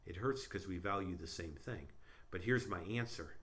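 Low-voiced emphatic man, animated delivery. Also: moderate pace. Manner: animated, emphatic, swings between loud punchlines and quiet asides. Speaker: Jewish missionary. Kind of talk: casual discussion.

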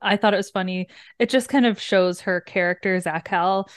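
A woman co-hosting a book discussion chats casually about a novel, recapping chapters and acting out characters' lines in a relaxed way. Her mid-range voice moves at a moderate pace, smooth and with no room sound.

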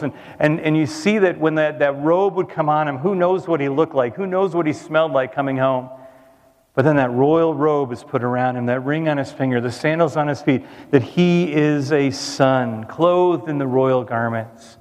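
A man's voice: on the high side, normal speed, darkish tone, big-room sound. A man preaching a sermon as a pastor, earnest, repeating phrases and restarting his words.

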